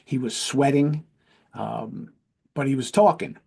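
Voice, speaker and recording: A man's voice: mid-range voice, slow pace, vocal fry, a little mellow, husky. A man hosting his own podcast and telling stories from his police work in an earnest, conversational way, often checking in with "right?". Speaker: podcast host and police lieutenant. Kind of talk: casual storytelling.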